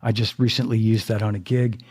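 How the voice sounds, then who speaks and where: A man's voice: on the low side, little pitch movement, a little fast, darkish tone, breathy edge. A man hosting a casual live stream from his home drum room, talking in a rambling, self-deprecating way as his voice starts to go. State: losing his voice. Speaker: podcast host and drummer.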